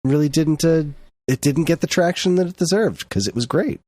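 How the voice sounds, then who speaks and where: A man's voice: fairly high pitch, expressive, fairly quick, darkish tone, dry recording. A man co-hosting a podcast in casual chat, often restarting his sentences. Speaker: podcast co-host.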